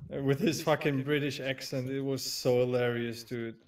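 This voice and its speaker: Gamer dude, mid voice, chatty storyteller, bit far off the mic. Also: male voice, mid-range voice, normal speed. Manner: animated storyteller, says dude a lot. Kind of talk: voice chat during online game.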